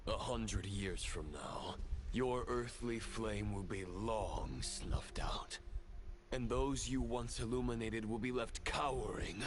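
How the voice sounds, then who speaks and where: An actor playing a scornful male villain knight who lectures with grave, slow solemnity. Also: lowish voice, slight background noise. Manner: grave, slow, sermonizing delivery. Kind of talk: video game boss dialogue.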